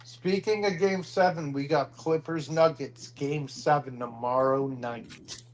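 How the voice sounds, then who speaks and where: A man chatting as a guest on a sports livestream, making brief relaxed remarks over a video call. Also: fairly high pitch, measured pace, a crowd in the background, low-quality recording. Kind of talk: casual sports chat.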